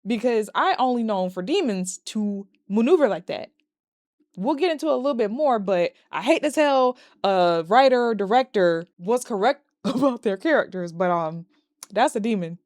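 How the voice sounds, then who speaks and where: A woman recapping a horror movie in a casual, animated and profane way, breaking into laughs. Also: a little high, normal speed, no room sound, clean studio sound. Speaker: movie reviewer.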